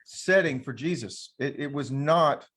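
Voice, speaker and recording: A man, a pastor hosting a casual panel discussion, telling stories in an animated way. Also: mid-range voice, unhurried, background noise.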